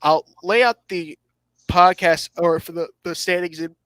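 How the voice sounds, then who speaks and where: Bright-voiced man hosting a racing podcast. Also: high-pitched, fairly even intonation, a little slow, clean tone, dry recording, low-quality recording. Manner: reads out standings, restarts phrases, dry sarcasm. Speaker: podcast host. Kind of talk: casual motorsport podcast talk.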